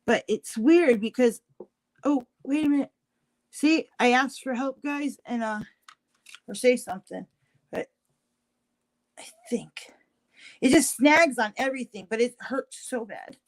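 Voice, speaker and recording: A middle-aged woman with a slightly high voice chats loosely through a live crafting stream. She rambles and restarts her sentences as she works, and she stops to answer viewers in the chat with friendly, personal replies. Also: unhurried, rough recording. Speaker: craft livestream host. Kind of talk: casual livestream chat while crafting.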